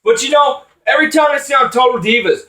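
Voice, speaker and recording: A man's voice: very high-pitched, animated, quick pace, pushed and bright, echoey room, far from the mic. A man ranting angrily about wrestling, swearing often and rambling with restarts. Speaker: wrestling commentator vlogger. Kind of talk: angry profane rant.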